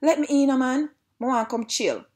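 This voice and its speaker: A woman's voice: sits high, lively intonation, moderate pace, a little mellow, voice pushed up. A hungry, boastful male dog in a storybook, strutting through his lines in Jamaican patois with a raised, bouncing voice. A woman puts him on.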